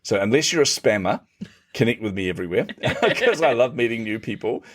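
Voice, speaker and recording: This middle-aged man speaks briskly in a mid-range voice, telling stories conversationally as a podcast guest. Animated throughout, he laughs often and acts out the things others said.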